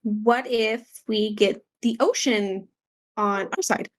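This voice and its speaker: A woman's voice: mid-range voice, steady tone, slow pace. A woman playing a tabletop game, chatting casually and hesitantly with many fillers. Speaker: player. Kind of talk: casual chat.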